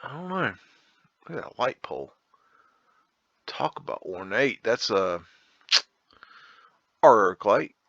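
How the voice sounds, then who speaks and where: A man's voice: on the low side, animated, slow, creaky, long pauses, fairly bright tone, no echo, dull audio. A man hosting a casual photo tour, rambling, blunt and profane, with a folksy drawl. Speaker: video host.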